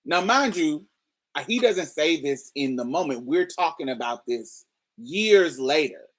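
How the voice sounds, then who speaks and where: A woman's voice: low-pitched, animated, measured pace. A woman telling a personal story in a candid, casual way, swearing freely and laughing often. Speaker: storyteller host.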